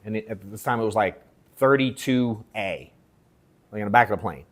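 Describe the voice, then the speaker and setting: A man holding forth to a workshop crowd with a loose, slangy storytelling style, swearing freely. He acts out what people said to him with animated quotes. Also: lowish voice, moderate pace. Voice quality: slangy and profane, animated retelling with acted quotes. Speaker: sales coach speaking at a workshop. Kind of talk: casual storytelling to a live audience. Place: event room at an in-person workshop.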